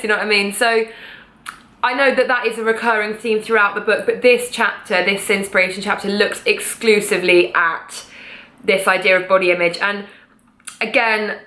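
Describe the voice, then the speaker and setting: A woman's voice: medium pitch, fairly even intonation, brisk, sharp tone. A woman vlogger talking to camera about her book, chatty and passionate, swearing casually. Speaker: vlogger and author. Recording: echoey room.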